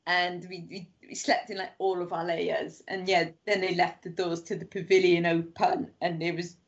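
A woman's voice: on the low side, level tone, moderate pace. A woman telling rambling anecdotes as a podcast guest, full of "like" and acted-out quoted voices. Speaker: guest author. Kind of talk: casual chat. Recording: muffled lo-fi sound.

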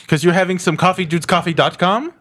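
A man's voice: high-pitched, fast talker, a bit bright. A man co-hosting a movie podcast, teasing and joking in casual chat. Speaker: podcast co-host.

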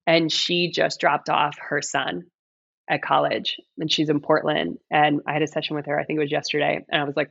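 An earnest, heartfelt woman in her thirties shares her thoughts as an interview guest, her voice carrying a gravelly fry. She keeps checking in with "right?" as she goes. The audio is dry and a little muffled. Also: low-pitched, fairly bright tone, dry recording. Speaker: podcast guest, mother and coach. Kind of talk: reflective interview conversation.

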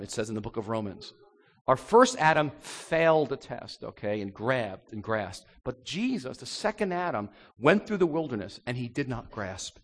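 A male pastor delivers an animated sermon and acts out voices as he goes. His pitch swings widely from phrase to phrase, and long reverb hangs behind his words.

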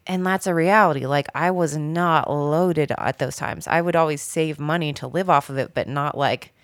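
A woman's voice: deep voice, moderate pace, no room sound, clean studio sound. A woman hosting her own podcast, talking candidly and emotionally about her work and her book, with many fillers. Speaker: podcast host and author. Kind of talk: reflective solo podcast talk.

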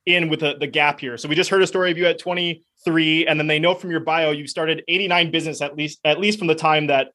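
A man's voice: on the high side, steady tone, fast, hardly any pauses, pushed and bright. A man hosting a podcast interview, asking questions in a friendly, eager way. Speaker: podcast host. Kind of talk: interview chat.

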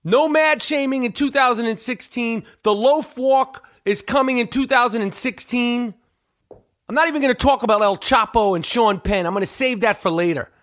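A man hosting his own podcast, ranting in a brash, animated way, cursing and stumbling over repeated words. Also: very high voice, moderate pace, no echo, studio quality. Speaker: podcast host. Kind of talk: profane rant.

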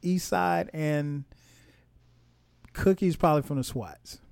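Halting, rambling man hosting a podcast. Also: on the high side, very animated, darkish tone, no echo. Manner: rambling, halting, with many fillers and restarts. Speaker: podcast host. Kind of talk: casual music review chat. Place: home in Atlanta.

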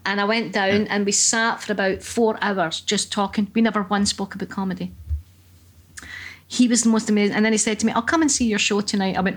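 A middle-aged woman with a Scottish accent, a comedian telling lively, profane anecdotes in casual conversation. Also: medium pitch, fast. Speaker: comedian guest. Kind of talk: casual chat.

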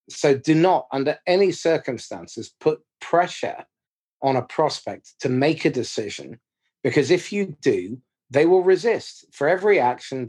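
A man's voice: medium pitch, a little mellow, slightly rough. A man hosting a podcast, summing up a guest's point with emphatic, blunt sales advice. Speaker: podcast host. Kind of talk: podcast conversation.

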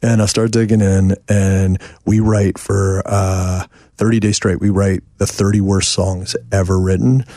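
A man's voice: sits low, a little slow, dry recording, studio quality. A man from New York, a songwriter guest, telling a long rambling anecdote with lots of fillers. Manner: animated, rambling, many fillers. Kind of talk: anecdotal storytelling. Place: house.

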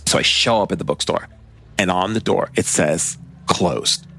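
Deep-voiced man, rambling casual storyteller. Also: normal speed, creaky, pushed and bright, slightly rough. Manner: rambling, filler-heavy, conversational.

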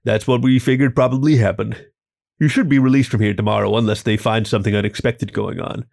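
A gruff bear security officer , voiced by a man reading aloud, speaks in a stern, official storybook tone. The gravel in his voice sounds dry and close. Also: medium pitch, fairly even intonation, fairly quick, a little mellow, no room sound, close to an everyday voice.

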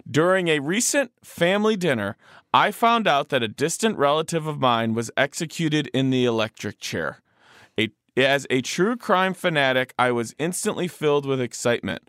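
A man's voice: on the high side, lively intonation, moderate pace, fairly bright tone, no echo, studio quality. A man co-hosting a podcast, chatting casually and reading listener letters aloud with playful, joking emphasis. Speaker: podcast co-host.

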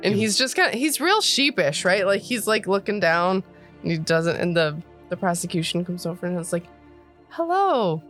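A woman's voice: on the low side, fairly quick, a bit bright, soft background music. A woman narrating as game master of a tabletop game, casual and giggly.

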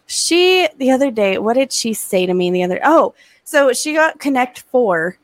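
Woman in her 30s, high-ish voice, dry close sound, acts out every quote. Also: normal speed, dry recording. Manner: animated storyteller, acts out quotes. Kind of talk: casual chat.

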